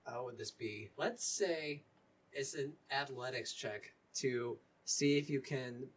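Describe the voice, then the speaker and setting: A young man with a husky voice, narrating a tabletop role-playing game as game master in a loose, joking way. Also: mid-range voice, unhurried, a loud crowd.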